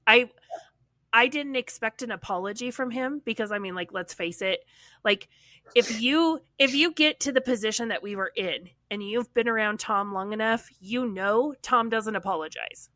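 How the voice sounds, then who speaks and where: Bright-voiced woman, dry close mic. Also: on the high side, normal speed, no room sound. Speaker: podcast co-host. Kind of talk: casual conversation.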